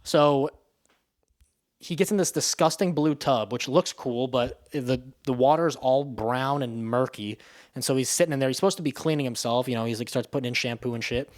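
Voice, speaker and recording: Man, casual movie review, rambling, profane, offhand, mid-pitched voice. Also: normal speed.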